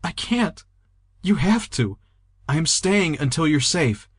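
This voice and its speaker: A man's voice: a little high, expressive, slow pace, husky, no echo, studio quality, voice pushed up, exaggerated voice. A man voicing a young woman in an audiobook, urgent and determined as she pushes her frightened companion to flee. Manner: urgent, pushing. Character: young woman, determined protector under pressure.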